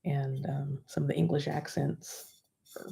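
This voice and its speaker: American woman, casual livestream co-host, easygoing, laughs a lot, some vocal fry. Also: sits low, a little slow. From United States. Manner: relaxed, laughs often, reads viewer comments. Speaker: co-host of a live stream. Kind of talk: casual chat.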